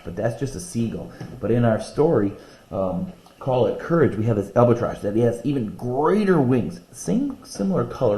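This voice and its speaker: A male teacher in a recorded lesson video, explaining vocabulary and reading short poems aloud slowly and rhythmically. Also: mid-range voice, mellow, roomy sound.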